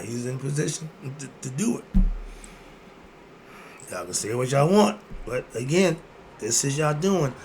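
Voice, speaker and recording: A man giving an emphatic, preachy commentary monologue, firing off rhetorical questions and breaking into sudden loud bursts. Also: medium pitch, slight background noise.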